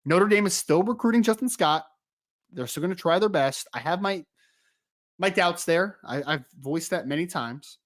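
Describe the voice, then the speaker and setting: A man's voice: high-pitched, lively intonation, normal speed. A young man co-hosting a live-streamed podcast, chatting casually, rambling and joking, and easily sidetracked. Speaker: podcast co-host.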